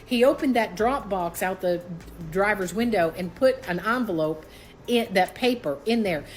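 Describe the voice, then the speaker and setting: A woman's voice: normal speed, a little hiss or hum. A woman, telling a personal story casually and acting out what each person said. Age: 60s. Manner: animated, acts out quoted voices with rising pitch.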